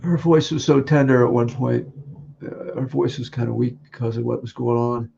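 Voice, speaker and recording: Man, grieving husband, warm mellow rasp, halting and tearful, lo-fi call sound. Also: medium pitch, little pitch movement, slight background noise. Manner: halting, tearful, laughs through grief. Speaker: grieving husband sharing memories. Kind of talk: emotional memorial tribute. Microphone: video call.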